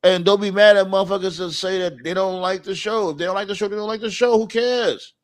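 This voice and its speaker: A high-voiced man rants animatedly through a casual podcast chat. He swears freely and leans on street slang. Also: quick pace. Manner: profane, animated ranting with slang. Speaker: podcast co-host.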